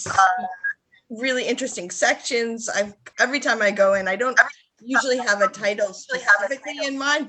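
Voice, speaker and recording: A woman's voice: medium pitch, a little hiss or hum, rough recording. A woman guest chatting casually on a video call, enthusiastic as she praises a cause. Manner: enthusiastic and warm-hearted. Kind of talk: casual chat.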